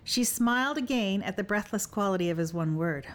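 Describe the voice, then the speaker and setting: A woman's voice: medium pitch, animated, a little fast, hardly any pauses. Woman narrating a romantic fantasy audiobook.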